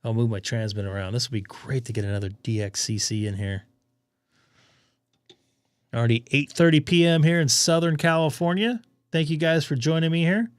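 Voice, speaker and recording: Hoarse man rambling through a live stream. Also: medium pitch, brisk, no echo. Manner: rambling, thinking aloud with fillers. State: hoarse, losing his voice. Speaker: ham radio live streamer. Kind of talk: casual live-stream commentary.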